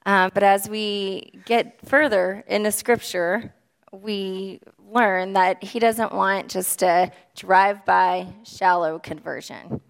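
A woman's voice: medium pitch, fairly even intonation, slow pace, gravelly. A woman preaching a sermon, retelling a Bible passage as a story. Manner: storytelling scripture reading. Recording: long hall reverb.

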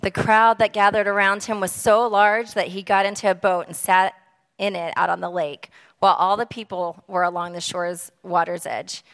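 A woman's voice: medium pitch, steady tone, normal speed, a bit bright. A woman preaching a sermon, retelling a Bible passage as a story. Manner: storytelling scripture reading. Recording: long hall reverb.

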